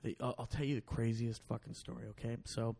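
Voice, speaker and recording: A man's voice: medium pitch, fairly even intonation, quick pace, creaky, background noise. A man telling a long story on a podcast in casual chat, swearing often, restarting sentences and acting out other people's lines. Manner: profane, rambling with restarts and acted-out quotes. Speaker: podcast guest.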